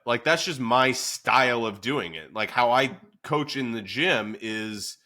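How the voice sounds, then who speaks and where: A man, a fitness coach and podcast host, talking in a calm, even-keeled way with many fillers. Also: medium pitch, unhurried. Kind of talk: casual podcast chat.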